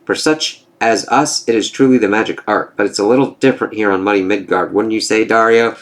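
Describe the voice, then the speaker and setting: A man's voice: on the low side, fairly quick, close to an everyday voice. A man reading the lines of a bitter, mocking female enchantress from a comic, in a sarcastic, scornful way.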